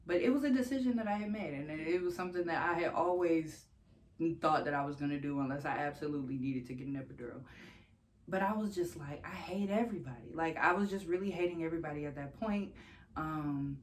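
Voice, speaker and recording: A young woman vlogging, telling a personal story in a casual, candid way, swearing freely and laughing between sentences. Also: fast. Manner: jumps much higher when quoting herself.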